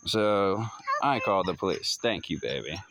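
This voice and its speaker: Low-voiced man telling a rambling story. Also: expressive, normal speed, very noisy. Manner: rambling and repetitive, loose slangy talk. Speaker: vlogger. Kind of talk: casual storytelling to camera. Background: dogs barking and distant fireworks.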